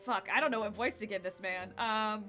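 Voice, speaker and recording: A bright-voiced woman streams a story game from her home setup, tossing in quick asides and frequent giggles. Faint music sits softly underneath her chatter. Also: mid-range voice. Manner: giggly and chatty, breaking into laughs. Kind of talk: casual let's-play commentary with read-aloud dialogue.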